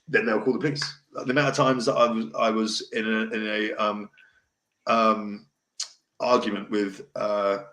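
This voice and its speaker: A man talks straight to his live viewers, frank and heated, swearing freely. His voice sits at an ordinary middle pitch. The room around him rings with a noticeable echo. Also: a bit bright. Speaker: livestream host. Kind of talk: casual live chat answering viewers. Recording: roomy echo.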